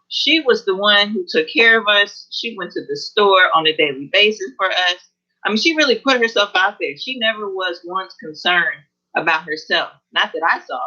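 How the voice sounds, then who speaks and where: A woman guest on an online interview, talking in an earnest, halting way about her experience. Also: medium pitch, bright, forceful tone. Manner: earnest, halting with frequent pauses. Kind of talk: personal testimony in an online interview. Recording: dull lo-fi video call audio.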